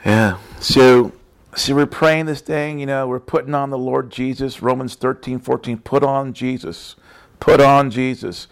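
A man's voice: mid-range voice, steady tone, a little slow. A man giving a casual Christian testimony talk, emphatic and repetitive, often tagging his sentences with "right?". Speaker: Christian speaker.

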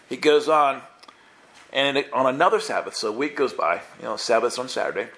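A man's voice: mid-range voice, a bit bright. Playful man teaching the Bible. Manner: playful, acts out characters in quick voices.

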